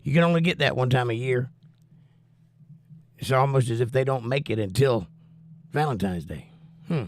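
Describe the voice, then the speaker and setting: A man with a mid-range voice hosts a livestream, reading viewers' chat messages aloud and answering with wry, teasing humor in casual conversation. He speaks at normal speed with long pauses, breathless and coughing as he recovers from the flu. There's no room sound.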